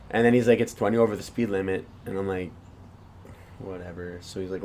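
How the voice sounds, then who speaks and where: A man's voice: lowish voice, fast talker, a little mellow, slight background noise. A young man co-hosting a casual podcast, telling a rambling story with swearing and laughs. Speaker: podcast co-host. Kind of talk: casual chat.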